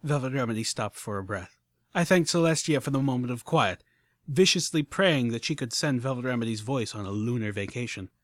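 A man narrating a story in the first person with expressive, animated delivery. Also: medium pitch, a little fast, no room sound. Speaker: audiobook narrator.

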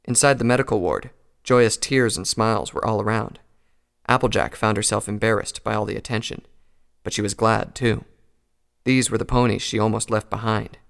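A man reading a pony fan fiction story aloud in a calm, even storytelling voice. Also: fairly low pitch, normal speed, creaky. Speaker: narrator.

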